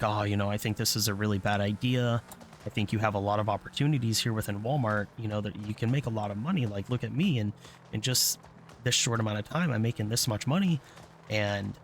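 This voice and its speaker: Gravelly, blunt man telling a story. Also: fairly low pitch, a little hiss or hum. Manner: blunt, profane, candid, quotes others in his own voice. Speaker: vlogger. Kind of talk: casual storytelling monologue.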